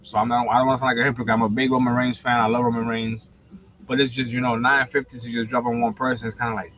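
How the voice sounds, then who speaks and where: A man's voice: mid-range voice, little pitch movement, quick pace, a bit bright, dull audio. A man, hosting a casual livestream, rambling and blunt with lots of slang and swearing. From New York. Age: 40s. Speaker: livestream host.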